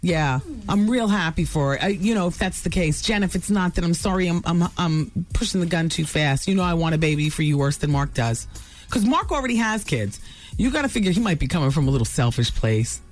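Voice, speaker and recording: A woman's voice: fairly low pitch, expressive, brisk, soft background music. A woman radio host chatting casually through celebrity gossip, full of asides and self-corrections, in a studio.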